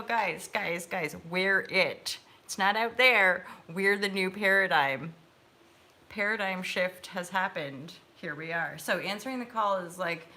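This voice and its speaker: A woman's voice: medium pitch, sharp tone. A woman, hosting a live tarot stream as casual chat, bubbly and giggly as she talks straight to her viewers. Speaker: host reading tarot cards on a live stream.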